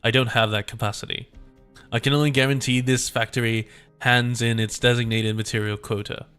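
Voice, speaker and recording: A man's voice: mid-range voice, flat delivery, a little fast, a bit bright, smooth, soft background music, lightly acted. Man voicing a stoic old factory grandmother. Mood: steady. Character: stoic elderly woman, factory workers' representative.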